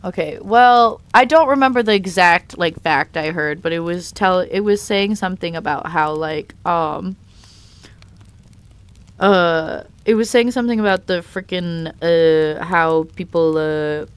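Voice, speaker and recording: A woman's voice: on the low side, a little slow, clean tone. A young adult woman on a live stream, chatting casually to her viewers and talking in loose, rambling sentences full of fillers and restarts. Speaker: live streamer reading chat.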